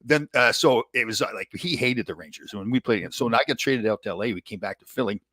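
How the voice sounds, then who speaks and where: An older man, a former hockey player, telling animated stories in a casual conversation and laughing often. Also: medium pitch, fast talker, no echo, clean studio sound. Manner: animated anecdotes, laughs often, mimics others in quotes.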